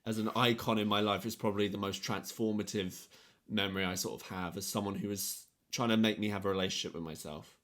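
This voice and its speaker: A man's voice: lowish voice, fast. A young man and podcast co-host telling a story in casual chat, acting out the people he quotes. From England. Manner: animated storyteller, acts out quotes with swearing.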